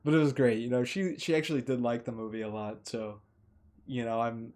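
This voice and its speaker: Man, casual vlog review, excitable, rambling, restarts, middle pitch. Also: fairly quick. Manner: excitable, gushing, rambles with restarts and mild swearing substitutes. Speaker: movie reviewer. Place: indoors, warm room.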